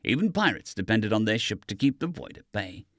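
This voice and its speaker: A male narrator reading a science fiction audiobook. His delivery is expressive, rising and falling a great deal in pitch. The recording is dry and close, with no room sound. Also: brisk, dry recording.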